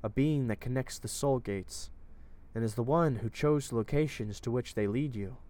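A man voicing a wounded, frightened young captive woman with a low, somewhat manly voice, who pleads and stammers. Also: normal speed, dark tone, lightly acted. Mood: pleading.

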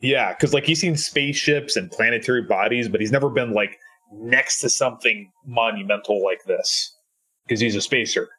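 A man's voice: mid-range voice, normal speed, sharp tone, breathy edge, low-quality recording. A man playing a tabletop game, describing his character's reactions in casual talk. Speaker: player.

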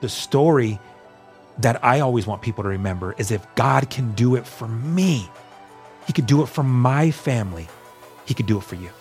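A man's voice: mid-range voice, lively intonation, normal speed, a little mellow, faint music behind. A man as a guest, telling his personal story in an earnest, candid way, often restarting and repeating words. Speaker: guest sharing his testimony.

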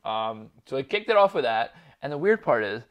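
A man's voice: medium pitch, sing-song, a little fast, lo-fi sound. A man co-hosting a casual podcast chat, rambling with lots of fillers, laughter and swearing. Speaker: podcast co-host.

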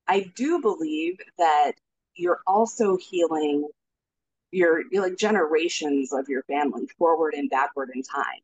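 A woman guest on a podcast, explaining a healing practice earnestly and gently, with many ums and restarts. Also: fairly low pitch, no echo, dull audio. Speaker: podcast guest, spiritual healer. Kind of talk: casual interview talk.

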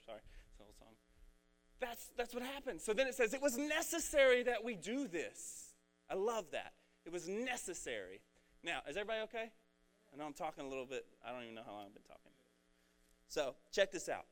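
Animated, joking young male preacher. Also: sits high, a little fast. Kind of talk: casual sermon.

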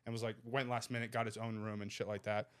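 A male comedian guest in his 30s races through a casual anecdote, swearing constantly and laughing as he goes. His voice is lowish and a bit bright, with a flat delivery despite the rapid, profane storytelling.

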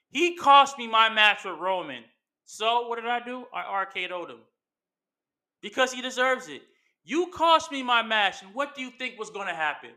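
A man's voice: sits high, sharp tone, full character voice. A man doing a cocky veteran wrestler's taunting promo. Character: cocky veteran male wrestler, vengeful, boastful.

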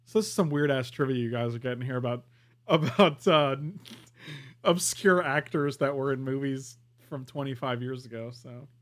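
A man co-hosting a podcast in casual chat, animated and emphatic. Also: medium pitch, moderate pace. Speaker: podcast co-host.

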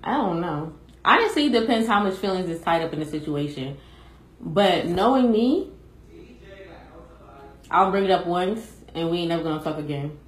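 A woman co-hosting a podcast, talking through her views in a measured, reflective way in casual chat. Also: on the low side, lively intonation. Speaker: podcast co-host. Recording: echoey room.

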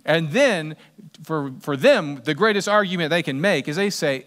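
A middle-aged man preaching a sermon as pastor, animated and acting out quoted voices with sudden loud jumps. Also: a little high, normal speed.

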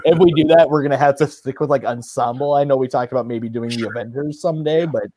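A man's voice: mid-range voice, fast, dark tone. A man hosting a casual podcast chat, loose and chatty, laughing often. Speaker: podcast host.

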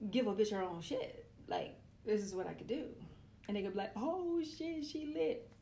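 A woman's voice: mid-range voice, fairly quick, mellow, slight background noise. A woman in her forties talking straight to her viewers in a casual monologue, blunt and profane, ranting with comic exasperation. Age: 40s. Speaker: vlogger.

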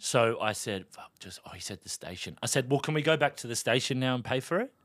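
A man's voice: mid-range voice, fast, dry recording. Australian man telling a story, dry sound. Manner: animated storyteller, acts out quotes in hushed asides. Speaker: podcast co-host. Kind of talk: casual storytelling chat.

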